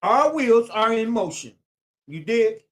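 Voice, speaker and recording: Slow and sing-song, with an extremely high, fairly bright voice, a man hosts a casual live stream. He repeats his points like a preacher and talks straight at his viewers, greeting them by name.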